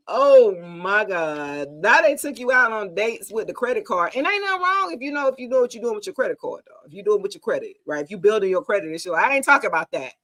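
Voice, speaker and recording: A middle-aged woman reads tarot for her livestream viewers in a loose, joking way. Her pitch swings widely and sits a little high, and she laughs often as she chats. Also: sing-song, fast, hardly any pauses, sharp tone. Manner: chatty and playful, laughs often, talks to viewers. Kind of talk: casual live tarot reading.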